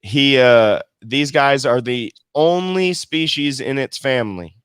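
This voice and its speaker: A man co-hosting a laid-back stream, reading viewer messages with plenty of swearing and restarts. His voice is smooth and resonant, with a dry, close sound and no room around it. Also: mid-range voice, slow pace, a bit bright, no echo. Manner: loose and profane, laughs often, stumbles while reading. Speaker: co-host. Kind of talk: casual chat, reading viewer comments aloud.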